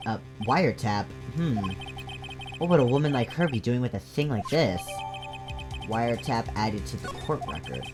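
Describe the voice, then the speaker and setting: A woman streamer casually reading all the game's dialogue aloud in her own voice, joking between lines. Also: rumbling low. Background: game music.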